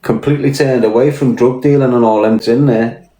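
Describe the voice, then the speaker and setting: A man with a Scouse accent from Liverpool, talking bluntly and full of swearing in a casual live-stream rant. His voice sits at a middle pitch. It rings in an echoey room. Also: steady tone, brisk, mellow. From Liverpool, England. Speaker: podcast host.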